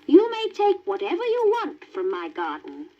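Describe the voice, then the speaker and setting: A woman voicing a menacing old witch in a storybook record, with a shrill, demanding voice. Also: huge pitch swings, normal speed, warm tone, faint music behind, heavily acted. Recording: dull worn vinyl record with faint hiss.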